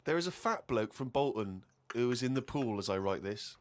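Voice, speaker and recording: Man reading a diary aloud, deadpan. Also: mid-range voice, normal speed. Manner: dry, deadpan reading broken by laughter. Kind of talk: comedic diary reading and chat. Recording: noisy studio recording.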